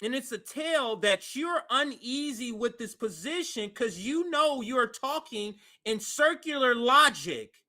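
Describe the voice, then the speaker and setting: A man's voice: very high voice, sharp tone. A man hosting a reaction commentary, asking pointed, incredulous questions about a clip. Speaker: commentary host.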